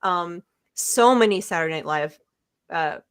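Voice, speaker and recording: A podcast co-host shares rambling, self-correcting opinions about a comedy movie in a casual chat. Her woman's voice is on the low side, smooth, and unhurried.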